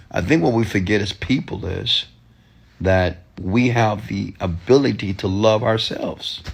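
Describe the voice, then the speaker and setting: A man giving a motivational rant in loose, slangy talk, pressing his audience with repeated commands. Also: on the low side. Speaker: entrepreneur and motivational speaker.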